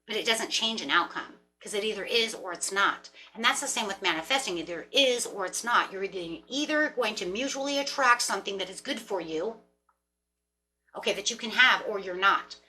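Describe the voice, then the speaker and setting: Bright-voiced woman reading tarot casually. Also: mid-range voice, fairly quick, a little hiss or hum. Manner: rambling, animated, talks to herself with laughs and mock voices. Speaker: tarot reader. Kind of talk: casual spiritual talk to camera.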